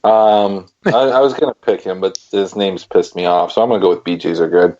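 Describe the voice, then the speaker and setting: A man's voice: low voice, brisk, a little mellow. A man co-hosting a casual sports podcast, wry and grumbling. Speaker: podcast co-host. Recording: dull lo-fi sound.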